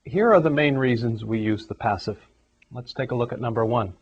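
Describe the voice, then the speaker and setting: Male English teacher, steady explanatory delivery, middle pitch, dull lo-fi recording. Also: a little fast, slightly rough. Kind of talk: grammar lesson.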